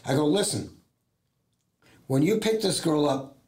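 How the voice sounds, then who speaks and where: A man's voice: on the high side, animated, a little slow, a little mellow. Chatty American man telling stories. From United States. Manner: rambling, acts out quoted voices, many fillers. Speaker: talent agent, interview guest. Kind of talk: casual anecdotal storytelling.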